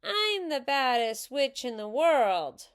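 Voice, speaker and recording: Ramona, a woman doing a gleeful shouting little girl. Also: high voice, big pitch swings, slow pace, clean tone, voice pushed up, full character voice. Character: loud mischievous little girl in a witch mask.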